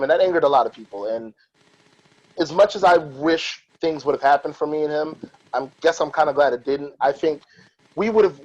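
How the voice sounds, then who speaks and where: A man hosting a podcast who tells personal stories in a candid, profane and animated way. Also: fairly high pitch, dull audio. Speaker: podcast host. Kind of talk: casual podcast storytelling.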